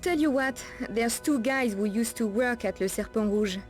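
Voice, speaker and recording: A woman's voice: on the high side, moderate pace, faint music behind, natural voice. An actress playing a wary streetwise woman of the night streets, with a French accent and French endearments, guarded and cautioning.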